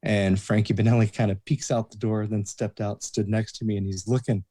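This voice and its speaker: A man with a low, dark, mellow voice tells bar stories as a podcast guest. He acts out the people in his stories with animated delivery. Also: a little fast. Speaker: guest, bouncer and bartender. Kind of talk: casual storytelling chat.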